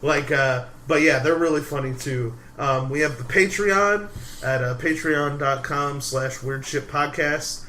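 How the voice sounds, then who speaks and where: Bright-voiced laughing podcast host. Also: male voice, fairly high pitch, a little slow, a little hiss or hum. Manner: laughing often, rambling with fillers. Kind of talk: casual banter.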